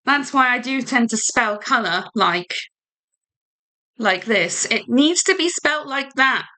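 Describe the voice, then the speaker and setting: Hosting a laid-back livestream, a woman from the United Kingdom rambles chattily in British English, giggling and filling gaps with fillers. Her voice is fairly high, expressive and slow, with a pushed, bright quality.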